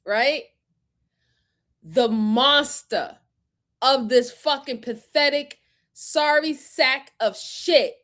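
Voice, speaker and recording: A woman reacting to crime footage in a heated, emphatic way, cursing often and near tears with fury. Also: sits high. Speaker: video commentator.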